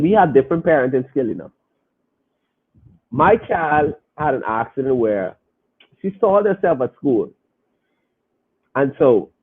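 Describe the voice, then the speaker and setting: A podcast host talks casually to his listeners, speaking emphatically and repeating phrases to drive his point home. His voice is medium-pitched with a breathy edge, and the sound is tinny like a phone line.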